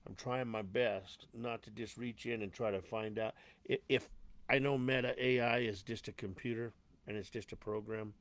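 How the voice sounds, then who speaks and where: A man hosting a live show in a loose, chatty way, greeting viewers as if they filled a stage hall. He rambles with fillers and light cursing at a middle pitch, and the sound is dry and close with no room echo. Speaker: host.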